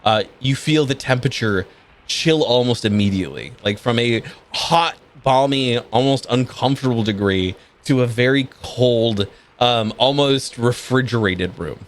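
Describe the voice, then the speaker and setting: A man narrating as game master of a tabletop game, describing scenes in a relaxed way with frequent ums and uhs. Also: medium pitch, normal speed.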